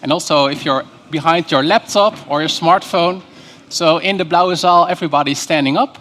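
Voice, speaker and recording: A man's voice: fairly high pitch, normal speed, bright, forceful tone, a little hiss or hum. A man gives a keynote presentation in a university lecture hall, telling stories and putting questions to the audience. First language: Dutch. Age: 30s. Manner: storytelling, engaging the audience with questions. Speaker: keynote speaker.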